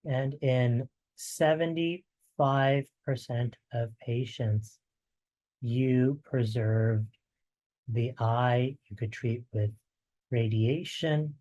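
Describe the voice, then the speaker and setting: A man's voice: mid-range voice, steady tone, very slow, warm tone, lo-fi sound. A man presenting research updates in a webinar, conversational and fond of rhetorical asides, while losing his voice.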